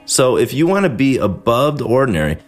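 A man's voice: mid-range voice, big pitch swings, a little fast, faint music behind. A man hosting a podcast, talking casually and acting out quotes from patients and staff as he explains how a dental office runs. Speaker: podcast host, dentist. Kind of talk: casual instructional talk.

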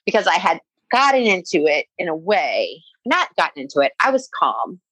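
A woman's voice: fairly low pitch, very animated, fairly quick, hardly any pauses, fairly bright tone, breathy edge, dry recording, poor audio. A young adult woman telling a personal story in casual conversation, full of "like" fillers and quoting what others said.

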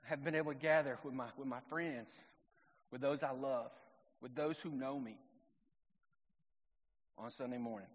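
Pastor preaching in a reverberant room. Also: male voice, medium pitch, steady tone, moderate pace, long pauses. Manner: conversational storytelling preacher. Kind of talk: sermon. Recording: long reverb, dull lo-fi sound.

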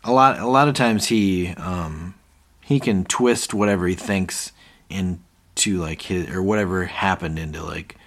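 A man's voice: low-pitched, measured pace. A man co-hosting a podcast, casually recapping a TV episode and animatedly quoting the characters. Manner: animated retelling, quoting characters with rising energy. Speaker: podcast co-host.

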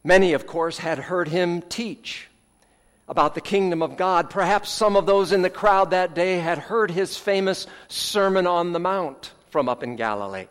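A man preaching a sermon in a measured way, his phrases swelling with emphasis and then falling away at the ends. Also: high voice, fairly bright tone, clean tone, long reverb tail. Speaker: pastor.

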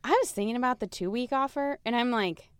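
A woman's voice: fairly high pitch, fast talker, clean tone, dry recording. A woman co-hosting a podcast who jokes and talks in a chatty, rambling way in casual conversation. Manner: chatty, joking, many "like" fillers. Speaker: podcast co-host. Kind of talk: casual book discussion.

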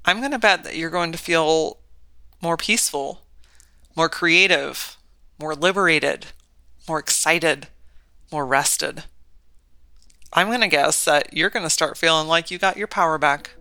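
Woman podcast host, bright and dry, motivational monologue with rhetorical questions. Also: low voice, unhurried, pauses often, no echo.

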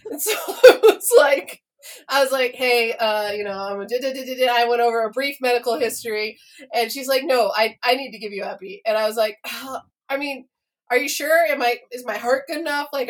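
A woman co-hosting a podcast, telling a story in casual chat, laughing often, swearing freely and acting out the dialogue. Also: high voice. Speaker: podcast co-host.

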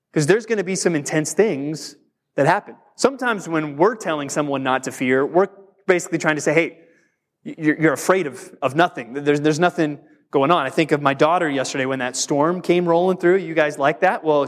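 Guy pastor preaching, kinda high voice, leans hard on key words. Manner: emphatic, slows down on key words. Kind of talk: sermon.

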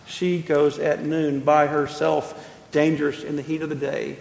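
Gravelly pastor preaching in an echoey hall. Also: male voice, a little high, level tone, a little mellow. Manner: emphatic storytelling with drawn-out pauses. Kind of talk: sermon.

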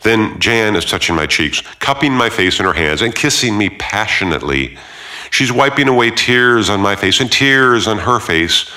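A man narrating a first-person story, sardonic and profane, swinging between hushed reflection and heated rants. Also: on the low side, animated, normal speed. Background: loud guitar music.

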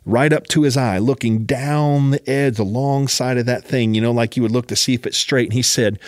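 A man's voice: medium pitch, moderate pace, hardly any pauses, no room sound, clean studio sound. A man preaching a sermon as a personal story, emphatic and often urging his listeners to listen.

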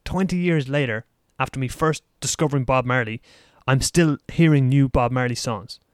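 A man's voice: mid-range voice, normal speed, smooth, dry recording, clean studio sound. Rambling man hosting a solo podcast. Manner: rambling, conversational, laughs at himself. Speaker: podcast host. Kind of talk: casual solo podcast talk. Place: lives in Taiwan.

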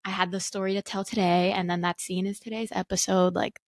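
Flat-toned young woman with vocal fry. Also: mid-range voice, a little fast, no room sound, studio quality. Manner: excited rambling with many "like" fillers. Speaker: podcast co-host. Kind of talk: casual chat.

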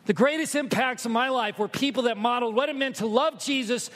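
A pastor preaching a sermon, moving from hushed storytelling to loud, emphatic exhortation. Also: male voice, extremely high pitch, a little fast, hardly any pauses, big-room sound.

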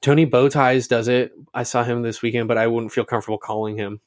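A man in his middle register talks loosely and profanely in an easygoing chat. He gets animated when he tells a story, mimicking the people he quotes. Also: medium pitch, fast talker. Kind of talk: casual chat.

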